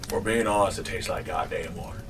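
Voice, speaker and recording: A man's voice: low-pitched, fairly even intonation, brisk, a bit bright, far from the mic, faint music behind. Rambling man telling a story off-mic. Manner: rambling, with restarts and mild swearing. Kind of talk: casual comedic storytelling.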